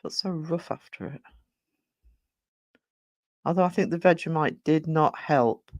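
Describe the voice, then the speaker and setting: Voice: medium pitch, unhurried, no echo. A live-stream host chatting casually and rambling, thanking viewers and reading chat aloud with many fillers and restarts. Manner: frequent fillers and self-corrections.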